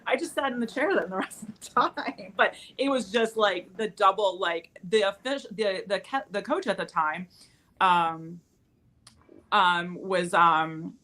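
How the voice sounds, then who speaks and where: Woman volleyball coach, bright voice, animated storyteller, casual chat. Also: medium pitch, a little slow. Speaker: volleyball coach and podcast host.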